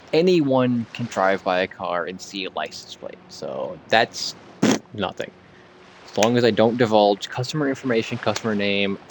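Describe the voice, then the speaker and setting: A man's voice: fairly low pitch, a little hiss or hum. A man streaming while gaming, chatting in a rambling way and slightly slurring his words. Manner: rambling, full of "like" fillers. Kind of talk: casual live-stream chat while gaming.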